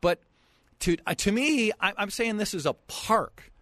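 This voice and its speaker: A male radio host with a fairly high voice debates his guest in a measured tone, often restarting his sentences. He sits close to a studio microphone in a dry, dead room. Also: lively intonation, sharp tone, dry recording. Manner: measured, interjecting, halting restarts.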